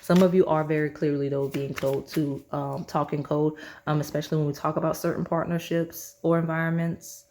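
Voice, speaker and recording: A woman's voice: deep voice, little pitch movement, a little fast, few pauses, a little mellow, a little hiss or hum. A woman giving a casual pick-a-card tarot reading, chatty and rambling with many fillers and restarts. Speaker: tarot reader.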